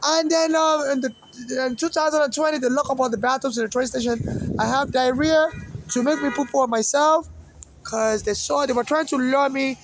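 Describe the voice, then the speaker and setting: High, gravelly Nigerian man with a mixed accent. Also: steady tone, normal speed, noisy background. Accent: mixed Nigerian and American English. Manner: repetitive, circling back to the same points. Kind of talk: rambling personal monologue.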